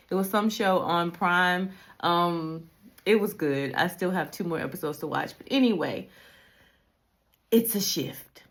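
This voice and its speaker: A woman's voice: medium pitch, moderate pace, fairly bright tone. A middle-aged woman hosting a casual reflective talk, telling candid stories and acting out quoted voices. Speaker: host.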